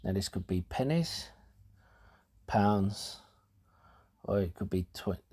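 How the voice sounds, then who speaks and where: A male host talks slowly and unhurriedly in a somewhat low voice. He sounds out of breath and explains things haltingly, stopping to restart his sentences. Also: lively intonation, dark tone. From United Kingdom. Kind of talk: casual explainer talk.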